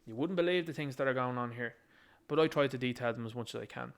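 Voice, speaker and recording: A man's voice: mid-range voice, fast, gravelly, smooth. Emphatic Irish man ranting. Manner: emphatic, combative, repeats key phrases. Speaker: political commentator. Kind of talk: ranting political commentary.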